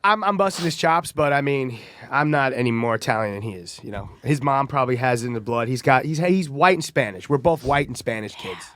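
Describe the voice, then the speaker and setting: A man's voice: medium pitch, lively intonation, a little fast, hardly any pauses, a bit bright. A young man from the Bronx, telling stories in a brash, profane, laughing way as a guest comedian on a casual podcast. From the Bronx, New York.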